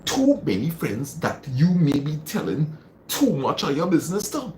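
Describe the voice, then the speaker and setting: A man's voice: on the high side, sing-song, moderate pace, darkish tone, a little hiss or hum. A man hosting a live stream, giving casual motivational advice, repeating phrases for emphasis and answering viewer comments. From Trinidad and Tobago.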